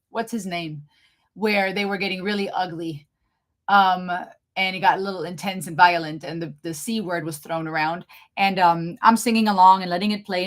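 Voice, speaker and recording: Excitable chatty woman hosting a live stream. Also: mid-range voice. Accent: slight German. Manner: excitable, fast-talking, chatty. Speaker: channel host doing a live Q&A. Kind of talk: casual live-stream chat.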